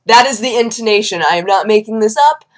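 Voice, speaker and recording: A woman's voice: mid-range voice, fast. A young woman chats casually to her viewers in a vlog. She tells everyday stories in a loose, conversational way and now and then acts out the people she describes. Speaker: vlogger. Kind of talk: casual chat.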